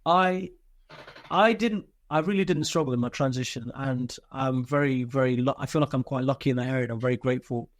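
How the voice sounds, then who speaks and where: Speaking at a fairly quick clip in a mid-range voice, a British army veteran recounts war stories as a guest in a casual podcast interview. He's frank and easygoing, swearing freely and filling his talk with fillers and restarts, captured in a dry, clean studio recording.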